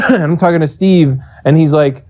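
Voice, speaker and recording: A man's voice: a little high, moderate pace. A man being interviewed as an esports coach, telling a story casually with lots of swearing and acted-out quotes. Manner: profane, animated, acts out quoted exchanges.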